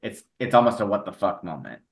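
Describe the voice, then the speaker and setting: A man's voice: on the low side, big pitch swings, fast, creaky. A man on a music podcast in casual chat, blunt and opinionated.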